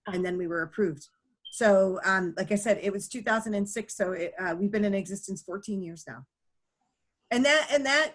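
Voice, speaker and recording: A middle-aged woman, a nonprofit founder, telling her story as a guest in an earnest, chatty way with many fillers. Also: medium pitch. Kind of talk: conversational storytelling.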